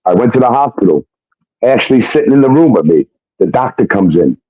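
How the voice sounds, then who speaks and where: A man telling a personal story in an animated way, often asking "okay?" as he goes. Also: medium pitch, fairly quick, no echo, lo-fi sound. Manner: animated, keeps adding "okay?". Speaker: recording artist telling his story. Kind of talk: casual storytelling monologue.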